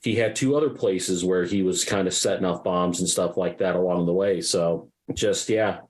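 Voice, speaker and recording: A man's voice: sits low, moderate pace. A man co-hosting a podcast, rambling and joking in casual chat. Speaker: podcast co-host.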